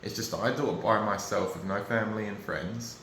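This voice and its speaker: Australian man, low-pitched, rambling and frustrated personal vlog, roomy echo with faint ambience behind. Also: a little fast, fairly bright tone, slight background noise. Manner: rambling, frustrated, emotional, swears. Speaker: vlogger. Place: at home, indoors.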